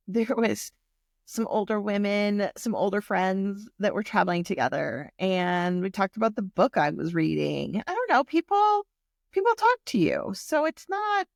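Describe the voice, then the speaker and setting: Candid and emotional, a woman in her forties shares a personal story as a vlogger, with lots of swearing. Her voice sits mid-range and turns gravelly at the ends of phrases, captured close and dry with no room sound.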